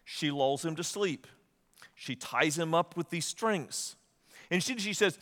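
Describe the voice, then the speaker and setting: A man preaching a sermon, retelling stories with lively, acted-out voices. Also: sits high, measured pace, long reverb tail. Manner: animated storytelling, acts out quotes. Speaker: pastor.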